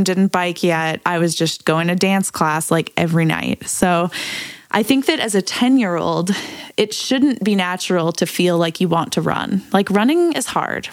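A woman's voice: on the low side, dry recording. A woman in her thirties co-hosting a podcast, chatting casually and encouragingly. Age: 30s. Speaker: podcast co-host. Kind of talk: casual chat.

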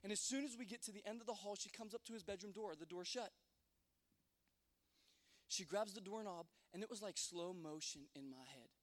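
A man with a very high voice tells an animated, comic personal story to a listening audience. He rambles, stumbles over restarts and leans on fillers. Long reverb from a large hall trails every line. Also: a little fast.

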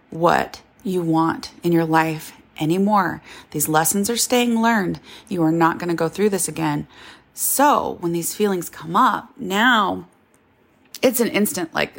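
A woman's voice: on the low side, a little slow, gravelly. A middle-aged woman hosting a podcast, telling her own dating story in a candid, confessional way. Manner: candid, confessional, yawning at times. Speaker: podcast host. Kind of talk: personal storytelling monologue.

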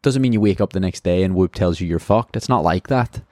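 Brief: Australian male podcaster, low mellow voice, dry close sound, candid and rambling. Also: a little fast, no room sound. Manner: candid, rambling, swears freely. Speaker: podcast host. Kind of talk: casual race debrief.

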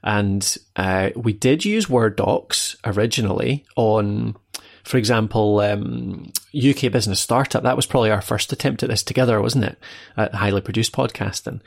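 Gravelly Scottish man in casual chat. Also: on the low side, moderate pace. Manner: chatty, checks in with tag questions. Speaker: podcast co-host.

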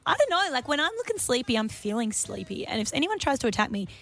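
A woman's voice: sits high, sing-song, fast, a bit bright. A woman co-hosting a radio show, playful and laughing often. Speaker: radio co-host. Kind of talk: jokey radio banter.

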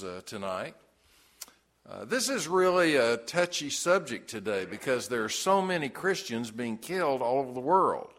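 A man preaching an evening Bible study sermon, halting with many fillers and then rising to emphatic stresses. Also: mid-range voice, a bit bright. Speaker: pastor.

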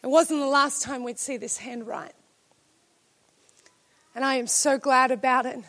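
A woman with a high, bright-pitched voice preaches a sermon to her congregation. She speaks with emphatic conviction and pushes certain phrases up into loud, ringing declarations. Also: steady tone, unhurried. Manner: emphatic, rising to shouted declarations.

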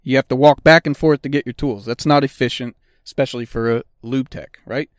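A man's voice: mid-range voice, steady tone, a little fast, no room sound, clean studio sound. A middle-aged man hosting a podcast, talking bluntly and swearing constantly in a casual monologue. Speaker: podcast host; auto technician.

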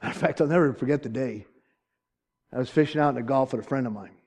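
A man preaching a sermon in an earnest way, pleading loudly at times and then dropping to a hushed, choked-up voice. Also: mid-range voice, fast, breathy edge. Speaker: pastor.

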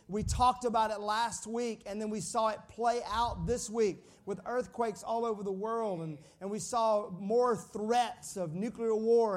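A fairly high-voiced man preaching. He jokes with the congregation, calls on them to repeat his words back, and keeps the sermon lively and conversational. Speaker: pastor.

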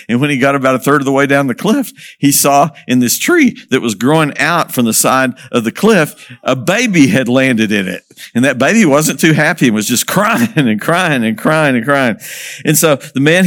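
A man working as a missionary speaker tells a story to an audience, lively, asking questions and chuckling as he goes. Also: mid-range voice.

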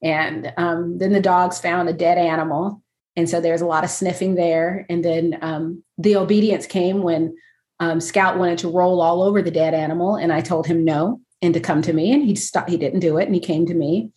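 A woman's voice: lowish voice, fairly even intonation, moderate pace, darkish tone, reverberant. A woman chatting casually as a guest, self-deprecating and laughing often as she talks. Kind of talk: casual chat.

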